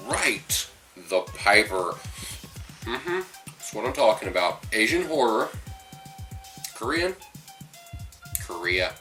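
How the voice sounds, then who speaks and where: A man's voice: fairly low pitch, bright, forceful tone, far from the mic. A man giving a casual, rambling movie review who often stops mid-sentence to restart or comment on himself. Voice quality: rambling, restarts and self-interruptions. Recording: voice from off-mic with faint music.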